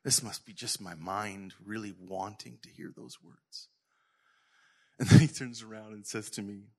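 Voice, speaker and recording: A middle-aged male pastor preaching a sermon earnestly to his congregation, sometimes falling to a soft whisper. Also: lowish voice, fairly even intonation, measured pace. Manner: earnest, drops to soft whispers when quoting God.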